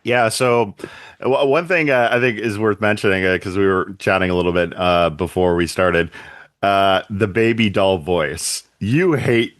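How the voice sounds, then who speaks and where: A podcast co-host with a fairly low, slightly bright voice talks a little slowly in a dry recording. He recaps an episode in chatty, filler-heavy casual talk, acting out quotes in silly voices.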